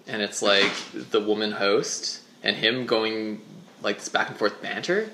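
A man's voice: fairly low pitch, a little slow, echoey room, background noise. A man co-hosting a podcast in casual chat, laid-back and rambling, peppering his talk with "like" and swearing. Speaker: podcast co-host.

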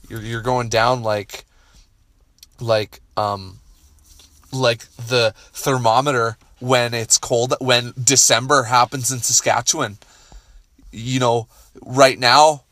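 A man doing profane, boastful mock trash talk to the camera, rambling with restarts and turning excitable when he talks to his dog. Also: mid-range voice, dry recording.

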